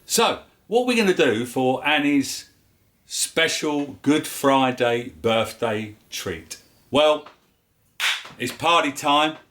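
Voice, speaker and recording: A man's voice: a little high, lively intonation, slow, a bit bright. A man with a London accent hosting a casual home cooking vlog, chatty and jokey. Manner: chatty and jokey, with filler words. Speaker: cooking show host.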